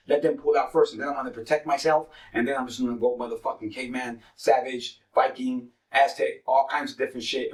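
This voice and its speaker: Fast-talking streetwise man, roomy sound. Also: medium pitch, far from the mic. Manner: profane, streetwise slang, repeats "money" as a filler. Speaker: show host telling a street story. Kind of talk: casual storytelling.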